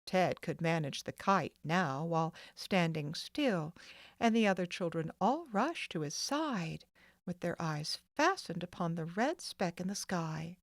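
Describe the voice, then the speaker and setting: A woman narrating a classic children's novel as an audiobook, in slow, expressive storytelling. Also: lowish voice, no room sound, studio quality. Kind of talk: scripted narration.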